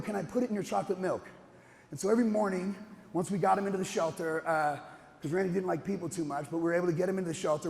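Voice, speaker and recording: An animated man rambles through a personal story, restarting sentences and laughing in between. His high voice has a gravelly edge, and it rings out with a long hall reverb.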